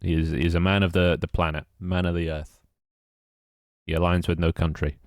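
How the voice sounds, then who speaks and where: Low-voiced young British man, rambling. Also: flat delivery, brisk, dry recording, clean studio sound. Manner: rambling, wry, self-mocking. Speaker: game developer streamer. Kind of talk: casual live-stream chat while working.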